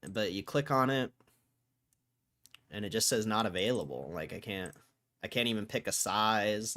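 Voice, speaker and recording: A man's voice: fairly low pitch, normal speed, long pauses, bright, forceful tone, no room sound. A man livestreaming stock market commentary, thinking aloud in a casual way and swearing freely as he mock-rants. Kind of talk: casual live-stream commentary.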